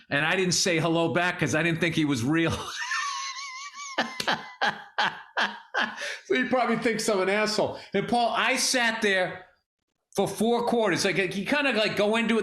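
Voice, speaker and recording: A middle-aged man on a casual comedy podcast, telling an animated story full of swearing. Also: sits high, a little hiss or hum. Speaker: podcast co-host.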